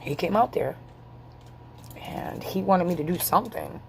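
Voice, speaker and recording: A woman's voice: fairly low pitch, lively intonation, a little slow, vocal fry, a little hiss or hum. A woman in her forties venting to her camera, angry, tired and swearing freely. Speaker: vlogger.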